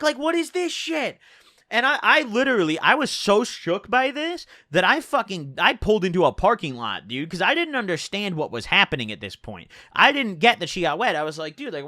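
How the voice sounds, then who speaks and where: A man's voice: high voice, no echo, clean studio sound. A man telling a wild story to camera in casual, profane vlog style, full of "like" and "dude". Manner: profane, animated, lots of filler "like" and "dude". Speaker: YouTuber.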